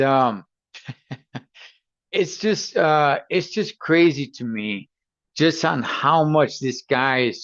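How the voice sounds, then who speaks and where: A man's voice: medium pitch, no echo. Man, casual chatty reviewer, dry close sound, slightly dull lo-fi audio. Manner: loose and chatty, many fillers and restarts, laughs now and then. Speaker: movie reviewer.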